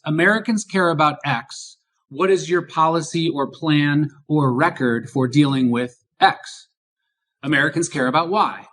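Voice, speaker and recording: A man's voice: fairly high pitch, fairly bright tone. A man co-hosting a political podcast, talking emphatically and asking rhetorical questions. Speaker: podcast co-host. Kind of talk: political commentary.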